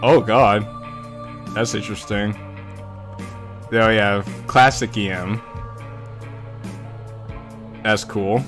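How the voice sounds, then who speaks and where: With faint music in the background, a male streamer plays a game and offers casual let's-play commentary. His voice is fairly low and fairly bright, his intonation mostly even, and he takes his time with long pauses, reading out comments, swearing casually, and laughing often.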